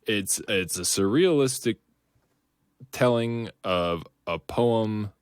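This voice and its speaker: A man's voice: fairly low pitch, expressive, slow pace, clean tone, no echo, clean studio sound. A man co-hosting a podcast, talking casually and rambling with lots of fillers and restarts. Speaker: podcast co-host. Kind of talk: casual chat.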